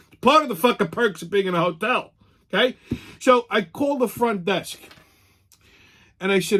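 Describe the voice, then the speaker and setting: Middle-aged man, solo rant host, constant swearing, blunt, higher voice. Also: a bit bright. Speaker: show host. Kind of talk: profane ranting monologue.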